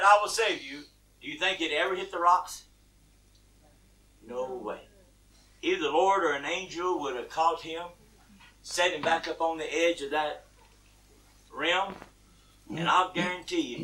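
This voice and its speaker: Brief: animated male preacher, sharp bright tone, telling stories from the pulpit. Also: fairly high pitch. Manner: folksy, animated, laughing at his own story. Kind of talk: sermon storytelling. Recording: distant mic.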